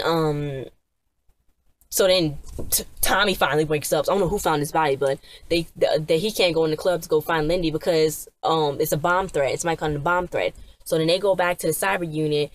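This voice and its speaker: A woman with a low voice gives a brisk, casual recap of a TV episode as a reviewer. She rambles, restarts often, and fills her talk with fillers while acting out the characters' lines.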